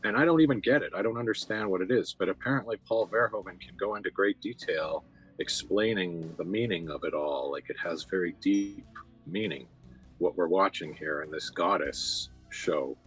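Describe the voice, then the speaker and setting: A man talking thoughtfully about a film in a measured way, with hesitant fillers and faint music underneath. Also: deep voice, a bit bright, low-quality recording. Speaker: podcast co-host. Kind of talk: casual film discussion.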